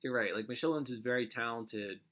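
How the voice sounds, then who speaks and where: A man co-hosting a casual movie podcast, speaking in a measured, hesitant way with fillers. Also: mid-range voice, fairly bright tone. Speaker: podcast co-host. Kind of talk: casual chat.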